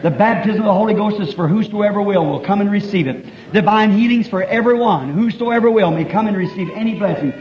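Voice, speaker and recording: High-voiced fervent male preacher. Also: brisk, hardly any pauses. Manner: fervent, builds to shouting; folksy storytelling with repeated refrains. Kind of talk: sermon. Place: church meeting. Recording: dull lo-fi early 1960s tape.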